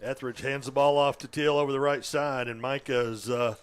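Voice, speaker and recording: A man calling play-by-play for a high school football game, steady and matter-of-fact with occasional fillers. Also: a little fast, clear, resonant tone. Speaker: play-by-play announcer.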